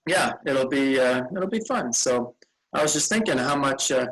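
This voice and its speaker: A man's voice: mid-range voice, lively intonation, normal speed, fairly bright tone, husky, rough recording. A tired man leading a vacation Bible school session, chatting casually with children and rambling a bit as he loses his train of thought. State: tired, yawning.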